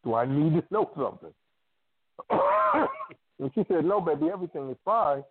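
A radio show co-host tells stories in a casual chat, his fairly high voice moving at a normal pace over a tinny, dry phone line with some background noise. He's animated, acting out quotes from his family.

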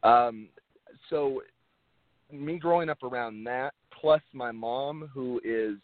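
A man's voice: medium pitch, slow, dry recording. A man, an actor being interviewed, talking earnestly and casually, often repeating words as he restarts. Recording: tinny phone-like line, dry.

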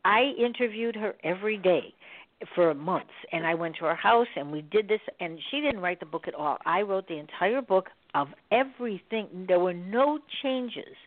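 A woman's voice: mid-range voice, moderate pace, no room sound. Talk-show host, woman, rambling chatty delivery, phone-line sound, dry. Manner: rambling, animated, laughs often. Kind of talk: casual chat.

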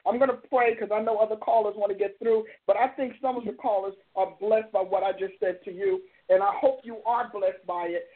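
Woman pastor in her sixties, husky, emphatic preacher's cadence, tinny phone-like line. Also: mid-range voice, fairly even intonation, fairly quick, few pauses. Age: 60s. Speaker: pastor and call-in show host. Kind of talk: live call-in counsel and prayer.

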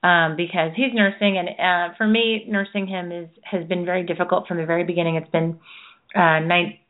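A woman's voice: fairly low pitch, steady tone, fairly quick. A woman hosting a radio interview, chatty and reflective, talking about her own experience. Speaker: host. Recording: phone-like line.

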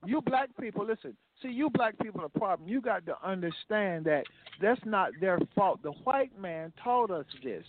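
A man's voice: high voice, expressive, moderate pace, background noise. A man co-hosting a casual talk show, speaking emphatically in preachy asides. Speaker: co-host. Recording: tinny phone-like line.

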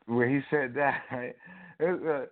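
A man co-hosting a casual talk show, telling a rambling, animated story full of fillers. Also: mid-range voice, unhurried. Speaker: co-host. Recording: tinny phone-like audio.

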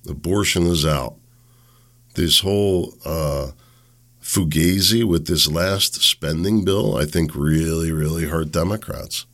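A man's voice: extremely low pitch, slow pace, fairly bright tone. A man hosting a solo political talk show, blunt and sarcastic, rambling with restarts.

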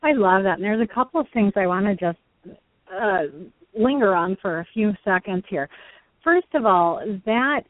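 A woman's voice: medium pitch, lively intonation, normal speed, no echo. A woman hosts a speaker-training talk, explaining her points eagerly and laughing often. Her voice comes through a tinny phone line with a dry, close sound. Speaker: host. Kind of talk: conversational teaching on a call-in show.

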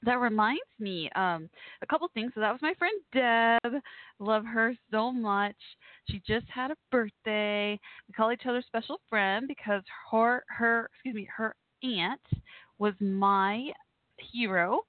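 A woman's voice: fairly high pitch, measured pace, no echo. A woman hosting a live call-in show from home, gushing and laughing often. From Texas. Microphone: home setup. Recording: tinny phone-like line.

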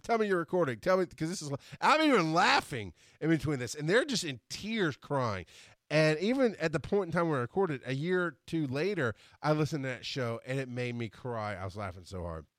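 Animated male podcaster telling a story. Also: medium pitch, no room sound, studio quality. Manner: animated, laughs often, acts out scenes. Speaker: podcast host. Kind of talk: casual storytelling monologue.

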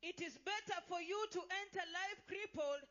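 A woman reading scripture aloud in a steady, measured way during a sermon. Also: extremely high pitch, highs cut off. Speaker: scripture reader.

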